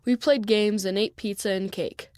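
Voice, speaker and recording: A woman reads a children's story aloud in first person, clearly and evenly. Her voice sits in a middle pitch, recorded dry and close with no room sound. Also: steady tone, moderate pace, darkish tone, no echo. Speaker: storybook reader.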